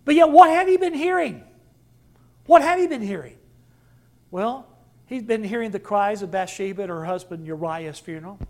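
A man preaching a sermon with dramatic swings from loud to hushed. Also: extremely high pitch. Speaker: pastor.

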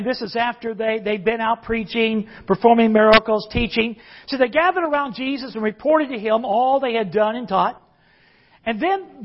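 Pastor, conversational sermon delivery, mid pitch, lo-fi recording. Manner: conversational, tells a joke, reads scripture aloud.

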